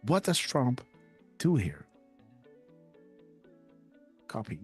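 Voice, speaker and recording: A man hosting a live online show in a casual, excitable way, often laughing and checking in with his listeners. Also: mid-range voice, drawn-out words, slightly rough, soft background music. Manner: excitable, repeats "guys" and "right?", laughs often. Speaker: livestream host.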